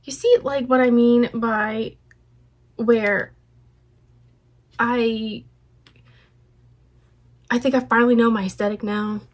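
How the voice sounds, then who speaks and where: A woman's voice: a little high, steady tone, slow pace, long pauses, noisy background. Rambling, self-conscious woman vlogger. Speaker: vlogger reacting to her old video. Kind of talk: casual reaction commentary.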